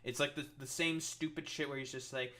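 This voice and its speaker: A man's voice: medium pitch, fairly even intonation, a little fast, pushed and bright. A man streaming commentary, ranting in a heated, exasperated way and swearing constantly. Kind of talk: profane political rant.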